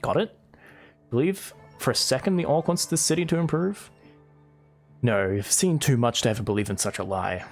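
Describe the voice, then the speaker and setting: Brief: male streamer, mid-pitched voice, reads on-screen game text with wry remarks, soft game music underneath. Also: normal speed. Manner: wry, reads dialogue aloud with asides. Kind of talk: live gameplay commentary, reading game text aloud.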